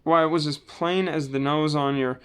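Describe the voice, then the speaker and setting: A man's voice: fairly high pitch, fairly even intonation, moderate pace, smooth, lightly acted. A man voicing a scheming young female cup girl in a storybook reading, breezy and conspiratorial.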